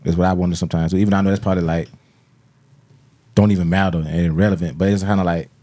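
Man, low voice, casual podcast talk, loose rambling questions, salty language. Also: fairly even intonation, rapid-fire, mellow. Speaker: podcast co-host.

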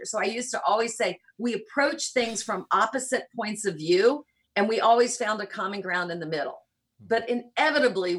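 Husky older woman with faint Southern accent. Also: mid-range voice, a bit bright. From rural Kentucky, US. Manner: storytelling, reflective, light humor. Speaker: interview guest, church missionary. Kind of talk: conversational interview.

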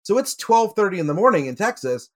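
A man's voice: high voice, big pitch swings, fast talker. A man on a podcast panel, telling a personal story in casual chat, with many fillers and laughs.

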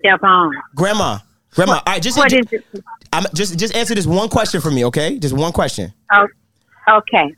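An older grandmother with a Southern US accent, giving short, soft-spoken answers on a phone call. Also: on the low side, lively intonation, a little fast, dry recording. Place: at home, heard over a phone on speaker. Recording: phone call with voices behind. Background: other people talking and laughing.

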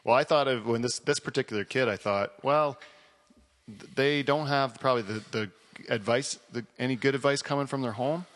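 A male host asks slow, halting questions in a casual interview. He often breaks off mid-thought and fills the gaps with agreement. His voice carries a long hall reverb. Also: medium pitch, a bit bright. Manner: halting questions, lots of yeah yeah. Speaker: show host.

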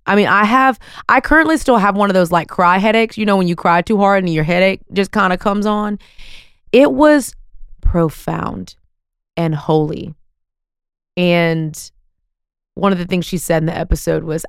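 Effusive woman podcast host, crisp dry voice. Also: on the low side, no room sound. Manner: effusive, animated storytelling. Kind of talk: casual podcast chat.

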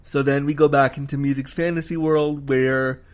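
A man's voice: mid-range voice, little pitch movement, moderate pace. A man giving a casual spoken film review, emphatic and heated, swearing freely as he rants.

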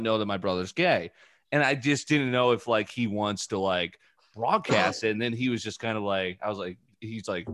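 A man in his twenties talks casually as a podcast host, with a fairly low voice. He rambles through stories, full of fillers and restarts. The recording sounds dry and close, with no room echo. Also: moderate pace, a bit bright. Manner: rambling, filler-heavy storytelling. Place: home studio.

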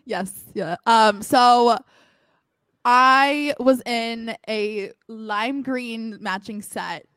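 A woman in her twenties, a podcast co-host telling a story in a casual, animated way, full of "like". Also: a little high, very slow, smooth, no echo. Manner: animated, filler-heavy storytelling with lots of "like".

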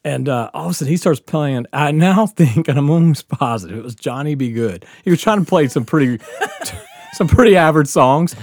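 Man in his 50s telling a rowdy story, swears a lot, pitch jumps all over, dry close sound. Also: brisk, no echo. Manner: animated, profane, laughing through a wild story. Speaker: podcast co-host. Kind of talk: casual storytelling chat.

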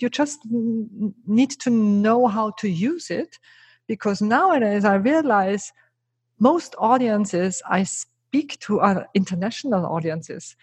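A woman's voice: mid-range voice, slow pace, slightly rough, no room sound. A middle-aged woman, not a native English speaker, telling her career story earnestly on a podcast as a guest speaker. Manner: earnest, emphatic, asks rhetorical "right?". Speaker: guest, keynote speaker and trainer.

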